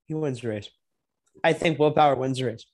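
A young man co-hosts a casual motorsport chat show. He talks in an animated, profane way and now and then stretches a word into a loud, drawn-out shout. His voice sits at an ordinary mid pitch. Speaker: podcast co-host.

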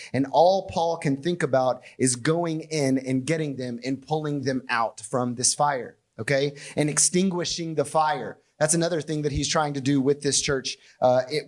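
A man preaching a conversational sermon as pastor, animated and playful with his asides. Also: fairly high pitch. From United States.

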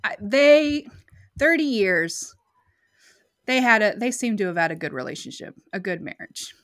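Bright-voiced emotional woman podcaster. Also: mid-range voice, expressive, moderate pace, no room sound, clean studio sound. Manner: emotional, choked up, laughs often. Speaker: podcast co-host. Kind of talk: reading a story aloud, then casual chat.

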